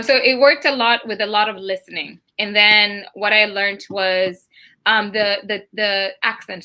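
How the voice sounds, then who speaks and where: Her voice mid-range, pushed and bright, a young woman from Kenya chats as an interview guest and laughs a lot. She has a Kenyan accent tinged with British, Southern US, and Seattle influences, and she performs the voices she quotes.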